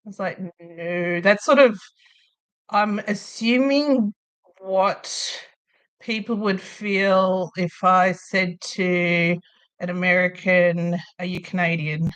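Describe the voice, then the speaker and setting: A woman's voice: medium pitch, fairly even intonation, slow pace, a bit bright, clean tone, dull audio. An Australian woman hosting a crochet livestream from a room at home, chatting casually and rambling, with frequent laughs. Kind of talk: casual chat while crocheting.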